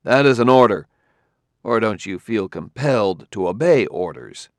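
A man voicing a wary male detective who talks crisply and gives orders. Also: low-pitched, sing-song, normal speed, dry recording. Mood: commanding. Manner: sharp, giving crisp orders.

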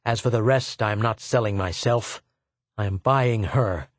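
A man's voice: on the low side, moderate pace, dry recording, close to an everyday voice. A man reading a stubborn male archaeologist who speaks curtly and defiantly. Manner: curt, defiant.

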